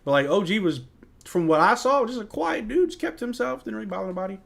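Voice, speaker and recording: A young man with a slightly high voice hosts a live fan stream. He calls the plays loosely and chats back to his viewers in a relaxed, joking way, tossing in bits of trash talk. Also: fast, vocal fry. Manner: chatty, reads and answers chat, jokes and trash talk. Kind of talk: casual live game watch-along commentary.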